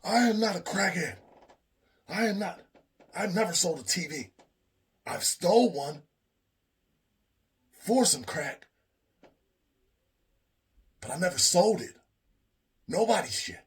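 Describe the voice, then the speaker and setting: A man voicing an indignant, high-strung male inmate who whines and protests in a shrill voice. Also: expressive, takes it slowly, long pauses, slightly rough, full character voice.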